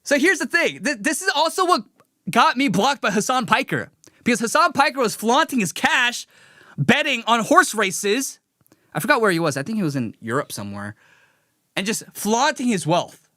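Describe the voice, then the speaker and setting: Lively sarcastic male show host. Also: very high voice, normal speed, no room sound, clean studio sound. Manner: animated, sarcastic. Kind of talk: live commentary show.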